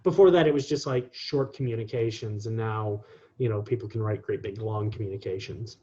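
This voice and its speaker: A man's voice: on the low side, a little fast, mellow, dull audio. A man in his forties, a guest talking casually in an interview, rambling with lots of ums and restarts. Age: 40s.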